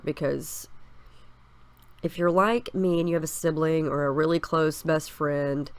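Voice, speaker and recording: A woman's voice: deep voice, steady tone, normal speed, no room sound. A woman with a stuffy cold, chatting upbeat through her scrapbooking steps in a casual voice-over. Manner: chatty and upbeat, explaining each step. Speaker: scrapbooking crafter. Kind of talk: casual process video voice-over.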